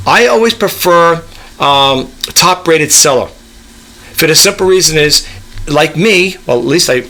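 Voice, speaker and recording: A man's voice: a little high, sharp tone. A man in a casual screen-share vlog about online reselling, rambling and checking in with "okay?" and "you know" as he reads web pages aloud. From New York, US East Coast. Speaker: eBay reseller vlogger.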